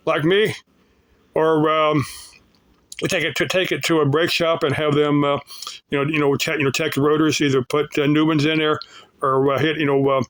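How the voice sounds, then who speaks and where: A YouTuber chats casually with his viewers, rambling in a folksy way and often starting his sentences over. His voice is a little high and fairly bright, with a flat but brisk delivery, and the recording is rough.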